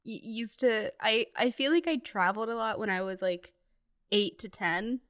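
A woman's voice: on the high side, moderate pace, a bit bright. A young woman telling a personal story in casual conversation, full of fillers and laughing asides. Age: young adult. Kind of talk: casual chat.

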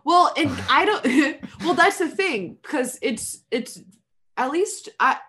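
A woman's voice: high voice, lively intonation, slow, fairly bright tone. A woman co-hosting a casual podcast chat, curious and giggly as she asks questions. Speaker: podcast co-host.

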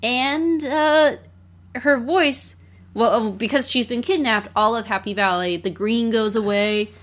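A woman's voice: a little high, unhurried. Woman casually recapping a film. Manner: relaxed storytelling, recapping plot. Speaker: podcast co-host.

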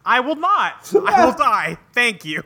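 Casting: animated woman with a bright voice, podcast co-host, dramatic mock outrage. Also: on the high side, measured pace. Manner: exclaiming, swearing, dramatic outrage. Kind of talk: casual chat recapping a show.

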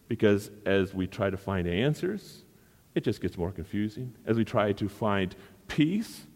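A man's voice: fairly low pitch, warm tone. A male pastor preaching a sermon in an earnest manner and repeating phrases for emphasis. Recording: long hall reverb.

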